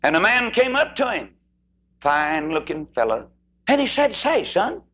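A man preaching an impassioned sermon, swinging his voice high and low and acting out the people in his stories. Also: sing-song, normal speed, bright, forceful tone.

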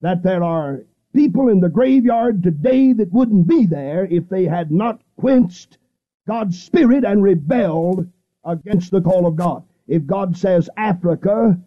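Middle-aged male radio evangelist, high voice, emphatic repetitive delivery, muffled vintage broadcast quality. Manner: fervent, repetitive preaching with emphatic pauses. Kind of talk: radio sermon. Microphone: studio microphone, seated.

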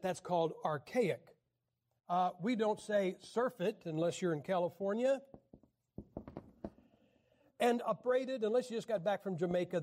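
A man teaching a class on the Bible in a wry, joking lecture style, often clearing his throat. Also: high-pitched, a little mellow.

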